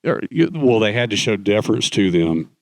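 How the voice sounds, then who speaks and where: A man's voice: on the low side, sing-song, moderate pace, no room sound. An older man, a guest author on stage, retells stories at length, rambling with many fillers and restarts. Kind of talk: fireside chat on stage. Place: conference stage.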